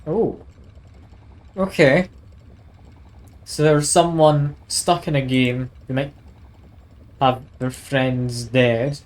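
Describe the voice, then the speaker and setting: A man's voice: mid-range voice, steady tone, very slow, pauses often, darkish tone. A man streaming a detective game, chatting wryly and reading game text aloud. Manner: chatty, wry, reads aloud with asides.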